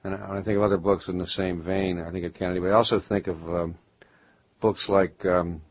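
A middle-aged man from Baltimore, a writer being interviewed, musing in a halting way with many restarts. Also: low voice, fairly even intonation, breathy edge, no room sound, poor audio. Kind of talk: reflective conversational interview.

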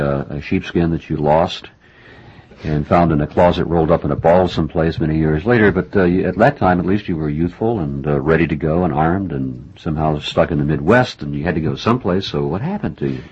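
A man's voice: deep voice, animated, fairly quick, breathy edge. A male interviewer hosting a conversation, asking leading questions in a wry, joking way. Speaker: interviewer, radio host. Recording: dull lo-fi radio recording.

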